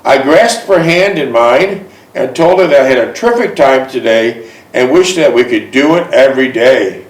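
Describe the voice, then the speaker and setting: A man reads a memoir aloud at a steady pace and then turns to ask friendly, prompting questions. His voice sits in the middle range and sounds distant from the mic, in an echoey room. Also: mid-range voice, moderate pace. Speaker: interviewer and host. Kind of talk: reading a memoir aloud and interviewing.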